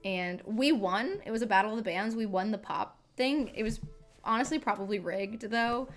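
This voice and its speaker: A woman's voice: medium pitch, moderate pace, faint music behind. A young woman, a singer, chatting casually on a live stream into a desk microphone, rambling with lots of filler words.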